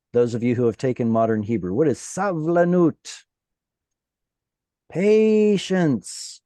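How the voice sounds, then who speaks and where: A male Hebrew teacher leads students through a text in an online class. He talks slowly, his pitch lifts and drops a lot, and his questions come across as patient. His voice is mellow and sounds close and dry. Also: no echo.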